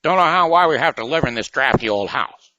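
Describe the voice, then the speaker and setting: A man doing an impression of a folksy, excitable young film hero, talking fast and loud with a dull lo-fi sound. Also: mid-range voice, dry recording, voice pushed up. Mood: complaining. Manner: fast, raised, earnest outbursts.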